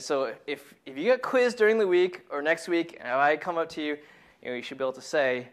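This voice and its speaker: Lively, emphatic male preacher. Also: high-pitched. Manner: conversational, emphatic, repeats key phrases. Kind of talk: casual sermon to young people.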